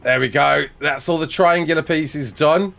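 A man's voice: a little high, steady tone, moderate pace, creaky, a bit bright, a little hiss or hum. A man streaming a game live, chatting and joking with viewers, laughing often, on a headset mic. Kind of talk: live gameplay chat.

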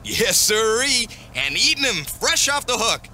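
An actor playing a cheerful cartoon dad, hearty and folksy. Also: male voice, extremely high pitch, sing-song, unhurried, pushed and bright, a little hiss or hum, exaggerated voice. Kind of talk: cartoon voice acting.

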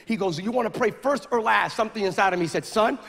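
Animated male preacher, quick, high and gravelly, recorded in an echoey hall. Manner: animated, builds to shouting. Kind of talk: sermon storytelling. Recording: echoey hall with faint noise.

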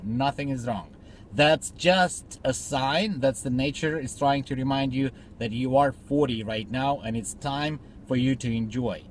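A man's voice: medium pitch, a little hiss or hum. A man recording a birthday video message for a friend, joking crudely with heavy swearing before turning sentimental.

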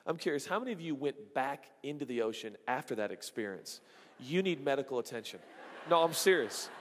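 A man preaching a sermon as a pastor, telling a story with lively, acted-out exclamations and quick asides to the congregation. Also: mid-range voice, in a large hall, a little hiss or hum.

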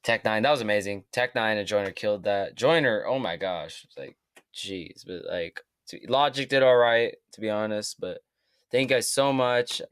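A man's voice: on the low side, moderate pace, a bit bright, clear, resonant tone. A man hosting a music reaction video, getting over a cold, exclaiming and stammering in awe between replays. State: hoarse from a cold. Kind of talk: casual reaction commentary.

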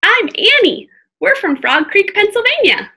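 Woman voicing bold little girl, storybook, excited, very high, bouncy intonation. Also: exaggerated voice. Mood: eager. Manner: excited, quick to speak up. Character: eager bold young girl.

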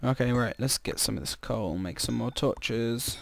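A man's voice: medium pitch, normal speed, vocal fry, slight background noise. A man with a chatty, jokey manner, commenting casually on his own gameplay as a let's-play host and reacting with startled exclamations.

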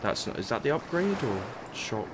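A man's voice: medium pitch, sing-song, normal speed, noisy background. A man giving casual commentary while playing and reviewing a game, rambling and often tripping over and repeating his words. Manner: rambling, stumbles and repeats words, mutters asides.

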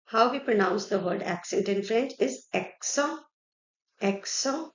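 A woman's voice: medium pitch, normal speed. A woman with an Indian accent teaching a French lesson, explaining step by step and checking in often with "right?" and "okay". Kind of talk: explaining a French lesson in mixed Hindi and English. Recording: echoey room, dull lo-fi sound.

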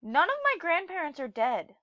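High, bright, exasperated gamer girl. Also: very animated, normal speed, no room sound, lo-fi sound. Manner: easily exasperated, swears and yells at other players. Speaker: gamer playing parkour maps. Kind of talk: casual gameplay commentary.

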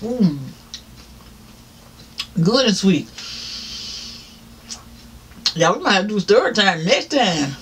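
A man's voice: high-pitched, very animated, takes it slowly, pauses often, fairly bright tone, a little hiss or hum. A man with a Southern US accent, chatting casually to viewers while eating on camera, laughing often and saying "y'all". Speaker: mukbang vlogger. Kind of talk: casual eating-show chat.

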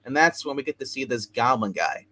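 A man's voice: mid-range voice, lively intonation, fairly quick, bright, forceful tone. A man hosting a casual chat show, rambling through a comic book review with many restarts and asides.

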